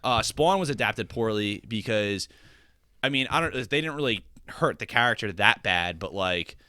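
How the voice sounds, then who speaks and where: A man's voice: on the low side, expressive, moderate pace, bright, forceful tone, no room sound, studio quality. A young man co-hosting a casual podcast chat, rambling with many restarts and fillers. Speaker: podcast co-host.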